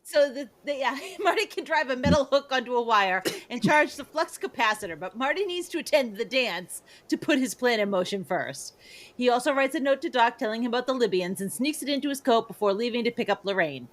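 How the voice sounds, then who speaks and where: High, lively giggling woman. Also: fairly quick. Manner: giggly, breaking into laughter mid-sentence. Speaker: podcast co-host. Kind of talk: casual comedy podcast, recapping a movie plot.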